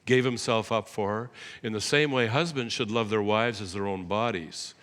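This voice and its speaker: A man's voice: lowish voice, moderate pace, a bit bright. A man giving an earnest, explanatory sermon in a church, often correcting himself mid-sentence. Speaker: guest preacher. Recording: reverberant church hall.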